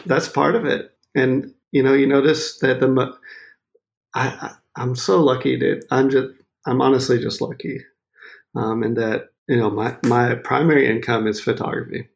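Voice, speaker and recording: A man's voice: medium pitch, fairly even intonation, moderate pace. A man telling a story as a photographer being interviewed, laughing often and acting out what people said. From Maine. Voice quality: gravelly. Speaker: photographer guest.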